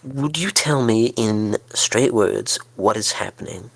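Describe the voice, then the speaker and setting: A man's voice: fairly low pitch, takes it slowly, gravelly, dry recording. A man role-playing a flustered, anxious character in a tabletop game, stammering as he talks. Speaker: player.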